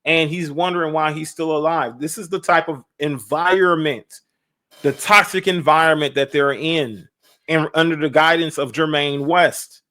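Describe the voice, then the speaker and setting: A man talks on his reaction podcast in a fairly high voice for a man. He sounds emphatic and preachy, driving each point home by repeating it and asking the listeners if they follow. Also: steady tone, moderate pace, bright, forceful tone. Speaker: podcast host reacting on a live stream. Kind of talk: live-stream reaction commentary.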